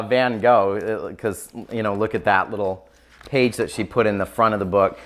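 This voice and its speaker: A man casually reviewing children's picture books on camera, chatty and enthusiastic, with plenty of ums and likes. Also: medium pitch. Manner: chatty, filler-heavy, enthusiastic. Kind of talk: casual book review chat.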